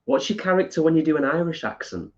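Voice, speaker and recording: A man's voice: a little high, animated, fast. A man co-hosting a live stream, chatting casually and reading out viewer comments. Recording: dull lo-fi stream audio.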